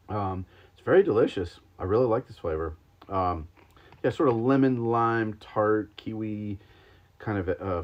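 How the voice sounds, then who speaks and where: A man hosting a livestream, chatting casually and rambling with lots of ums and likes while taste-testing sodas. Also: on the low side. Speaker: podcast host. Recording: slightly dull lo-fi stream audio.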